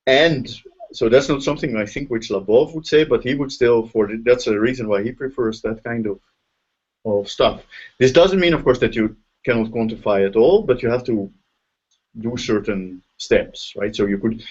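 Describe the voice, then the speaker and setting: A Dutch-accented man teaching in a relaxed, conversational way, building his points step by step and checking in with "right?". His voice sits at a middling pitch. The sound is the dull, lo-fi audio of a video call. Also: normal speed, slightly rough. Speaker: linguistics professor. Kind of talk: casual lecture over a video call.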